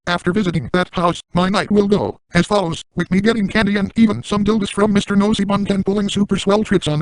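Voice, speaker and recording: A man voicing a crude, boastful young boy prankster, who narrates his plans in a flat, matter-of-fact way as a comedic monologue. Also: high voice, no room sound, lightly acted, low-quality recording.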